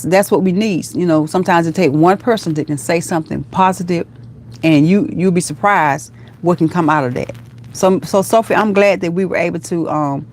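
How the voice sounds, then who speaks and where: A woman vlogger chatting on a livestream, reading viewer comments and talking to them as "girl" and "honey" in a lively, encouraging way. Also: on the low side, a little hiss or hum.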